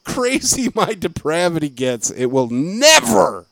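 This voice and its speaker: Guy rambling thru funny office stories on a podcast, kinda high voice, dry close sound. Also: sing-song, measured pace, gravelly, fairly bright tone, no echo. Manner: rambling storyteller, acts out office exchanges. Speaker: podcast co-host. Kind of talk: casual comedic chat.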